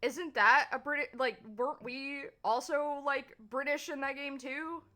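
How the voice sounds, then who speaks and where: Bright, high-voiced woman streamer. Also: steady tone, a little slow. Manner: hesitant, many fillers and restarts. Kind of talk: casual gaming chat. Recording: faint background music.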